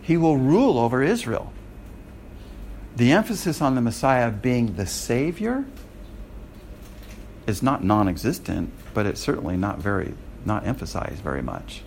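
An American man gives a classroom Bible lecture in a mid-pitched, conversational voice. He keeps the class engaged with frequent check-ins. Faint noise sits under the recording. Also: big pitch swings, normal speed, long pauses, a little mellow. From United States. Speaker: Bible teacher.

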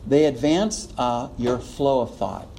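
A man's voice: mid-range voice, slow pace, gravelly, warm tone, a little hiss or hum. A man teaching a preaching class in a classroom, chuckling often and acting out little quotes as he lectures. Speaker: preaching instructor.

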